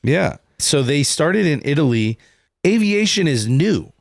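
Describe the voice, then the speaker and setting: A man's voice: fairly high pitch, very animated, measured pace, creaky, no echo. A man co-hosting a podcast from a small studio, laying out facts in a dry, matter-of-fact way during casual chat. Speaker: podcast co-host. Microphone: studio mic with headphones.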